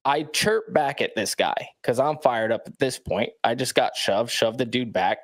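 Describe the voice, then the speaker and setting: A man's voice: medium pitch, moderate pace. Blunt, emphatic male athlete recounting. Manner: blunt, emphatic, keeps checking in with "okay?". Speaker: professional athlete telling his story. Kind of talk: storytelling in a played clip.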